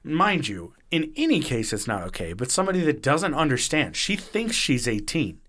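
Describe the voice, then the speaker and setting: A man's voice: on the high side, moderate pace. A man hosting a podcast, casually retelling a story with swearing and acted-out quotes. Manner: animated retelling, swearing, acting out quotes in varied voices. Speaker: podcast host.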